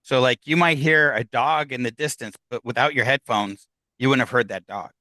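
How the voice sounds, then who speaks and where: A man's voice: mid-range voice, moderate pace, bright, forceful tone, no echo. A man who investigates the paranormal, chatting casually in an interview, rambling with many restarts and fillers. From United States.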